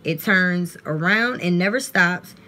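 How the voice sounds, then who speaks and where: A woman's voice: lowish voice, measured pace, pushed and bright. A woman doing a casual, chatty live-stream tarot reading on her phone at home, partly reading aloud from a guidebook.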